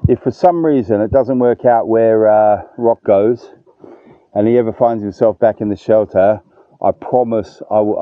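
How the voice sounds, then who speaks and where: A man's voice: lowish voice, no echo, phone-quality sound. A man in his fifties vlogging casually outdoors at a dog kennel, chatty and emotional. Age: 50s. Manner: emotional, chatty, warm-hearted. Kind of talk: casual vlog talk to camera.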